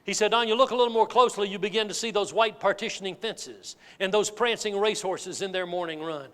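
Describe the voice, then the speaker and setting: A man giving a keynote sales speech, telling a folksy, animated story to a live audience. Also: high voice, fast talker. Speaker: motivational sales speaker. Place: large hall with an audience. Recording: reverberant hall.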